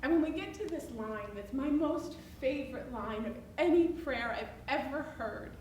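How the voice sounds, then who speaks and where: High-voiced woman telling a story onstage. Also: moderate pace, few pauses. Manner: self-deprecating, animated, laughs often. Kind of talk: live personal storytelling. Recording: roomy, distant mic with background noise.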